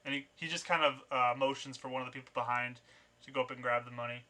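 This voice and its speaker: Bright-voiced male game master. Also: medium pitch, steady tone, fast. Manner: loose, conversational narration with fillers. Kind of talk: narrating a tabletop game.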